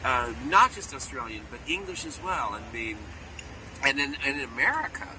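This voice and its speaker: A chatty, playful man with an easy middle-pitched voice, swerving into little character voices as he tells stories. He is recorded outdoors, with clear street and car noise running under his talk. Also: sing-song, normal speed. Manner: playful storyteller who slips into character voices. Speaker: actor interviewee. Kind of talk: animated interview chat. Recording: outdoor interview with traffic noise.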